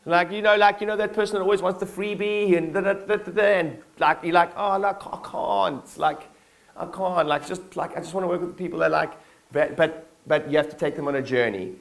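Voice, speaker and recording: A fairly high-voiced man gives a motivational keynote to his employees. He talks loosely and energetically, full of fillers, and keeps asking the crowd to repeat phrases back to him. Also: a little fast, gravelly. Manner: energetic, casual, lots of fillers and audience call-and-response. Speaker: business owner giving a keynote to staff. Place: conference hall with an audience.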